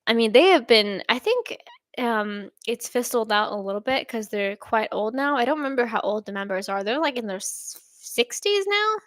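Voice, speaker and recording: A woman's voice: on the high side, expressive, moderate pace, a bit bright, no echo. A woman in her twenties from Sweden, chatting casually and reading out viewer comments in an upbeat, rambling way with frequent laughs. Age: 20s. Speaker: channel host.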